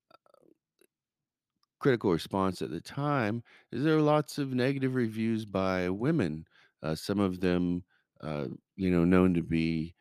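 Man co-host, very low smooth voice, measured and hesitant delivery. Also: darkish tone, no echo, studio quality. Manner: measured, hesitant, many fillers. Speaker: podcast co-host. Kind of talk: casual discussion.

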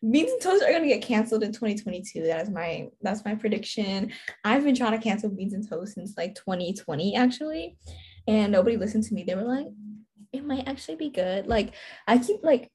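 A woman's voice: medium pitch, sing-song, fairly quick, a little mellow. A teenage girl in casual chat, giggly and talkative, full of filler words. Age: teens. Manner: giggly, chatty, many "like" fillers. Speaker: teen panelist.

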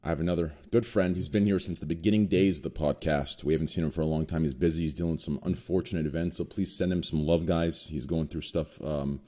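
A young man hosting a group podcast, joking crudely and dropping to a quiet murmur when he introduces guests. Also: very deep voice, fairly even intonation, fast talker, few pauses. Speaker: podcast host. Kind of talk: casual group podcast chat.

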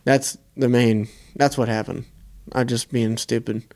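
A young man, co-host of a podcast, casually telling a hunting story in a relaxed, profane way. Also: medium pitch, unhurried.

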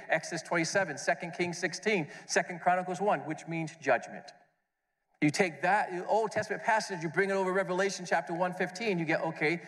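Animated man preaching in a reverberant hall. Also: fairly high pitch. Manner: animated, acts out questions and answers, repeats words. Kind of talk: conference sermon.

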